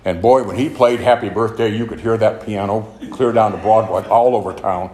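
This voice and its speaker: At a recovery meeting in the meeting room of a club, an older man gives a sincere, rambling account of his life. His brisk delivery comes in a lowish, darkish voice, and the recording is echoey with a little faint noise.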